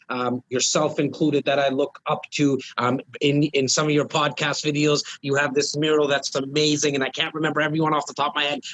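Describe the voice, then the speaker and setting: A man's voice: medium pitch, fairly bright tone, low-quality recording. A man hosting a podcast, chatting with admiration and a few fillers. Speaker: podcast host. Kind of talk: casual interview.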